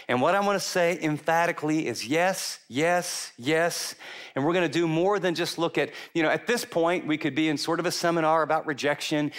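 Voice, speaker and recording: A middle-aged pastor delivering a sermon in a fairly high-pitched male voice. He preaches with animated emphasis, hammering words again and again and slipping into quoted voices.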